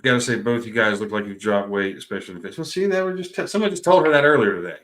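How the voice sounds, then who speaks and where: A middle-aged man from Florida hosting a live Q&A, reading out viewer comments in a relaxed, profane, laugh-filled way. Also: on the low side, very fast. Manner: relaxed, swears freely, laughs often. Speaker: host of a live Q&A stream.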